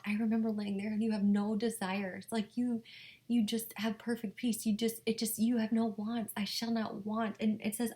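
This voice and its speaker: Young woman, vlog storytelling, flat even pitch, lots of fillers, hushed whispery stretches. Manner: halting, full of fillers and restarts, drops to a whisper. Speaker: vlogger. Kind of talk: personal storytelling to camera.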